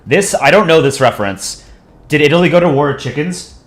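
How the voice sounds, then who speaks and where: Laid-back guy rambling on a cartoon drawing stream, roomy echo, music low. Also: brisk. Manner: relaxed, rambling with fillers. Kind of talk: casual live stream chat. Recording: echoey room with faint music.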